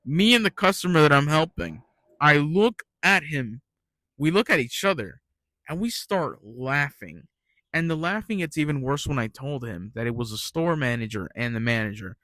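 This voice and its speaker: A man's voice: on the high side, animated, moderate pace, pushed and bright, dry recording. Young man rambling through retail rants. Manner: rambling, ranting, swears freely. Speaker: retail worker telling stories. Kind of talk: casual storytelling monologue.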